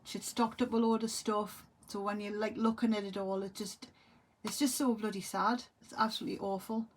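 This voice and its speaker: A grieving, tearful woman talks to camera in a halting way, often trailing off and repeating herself. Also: mid-range voice, flat delivery, a little hiss or hum. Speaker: vlogger. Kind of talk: emotional monologue to camera.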